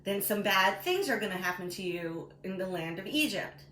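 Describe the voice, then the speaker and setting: A determined male leader, as a woman puts him on for a children's storytime, insistent and steady. The room has a noticeable echo. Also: medium pitch, moderate pace, background noise, natural voice. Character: determined male leader pleading for his people. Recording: roomy echo.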